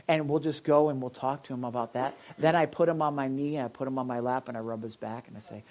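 A middle-aged man preaching in an animated way. He keeps dropping into acted-out scenes, with sudden loud, high bursts between stretches of plain teaching. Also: fast talker, few pauses, lo-fi sound. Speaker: pastor. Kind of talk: sermon talk with audience sharing.

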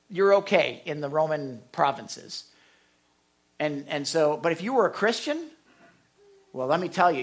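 High-voiced man preaching a conversational sermon. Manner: conversational, animated when acting out quotes. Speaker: pastor.

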